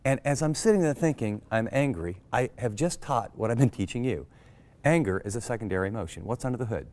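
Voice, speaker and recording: Animated storytelling male pastor. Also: fast talker. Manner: animated storyteller, acting out family voices with big pitch jumps. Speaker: pastor and Bible teacher. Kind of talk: storytelling sermon.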